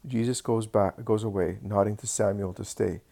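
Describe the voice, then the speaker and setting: A man reading a devotional story aloud with steady, reverent narration. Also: lowish voice, normal speed, gravelly. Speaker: reader.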